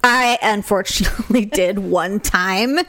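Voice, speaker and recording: A woman's voice: medium pitch, unhurried, fairly bright tone. A woman co-hosting a comedy podcast who makes blunt, wisecracking asides. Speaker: podcast co-host. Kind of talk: casual comedic chat.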